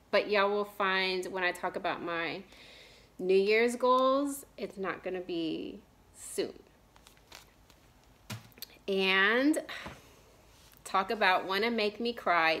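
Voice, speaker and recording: A woman in her thirties from Texas, rambling in a casual chat with lots of fillers and restarts, clearing her throat now and then from allergies. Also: medium pitch, fairly bright tone. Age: 30s. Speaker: cross-stitch vlogger.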